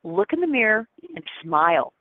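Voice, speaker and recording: A woman's voice: mid-range voice, sing-song, moderate pace, no room sound. A woman giving a casual psychic reading as a guest on a call-in show, chatty and laughing, with lots of fillers. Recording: tinny phone line.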